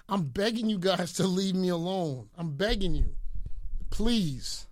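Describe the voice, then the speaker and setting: A man's voice: sits high, expressive, measured pace, a little mellow, dry recording, clean studio sound. A middle-aged man delivering a boastful, taunting rant aimed at rivals, mock-pleading with them to leave him alone. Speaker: radio DJ. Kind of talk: ranting commentary.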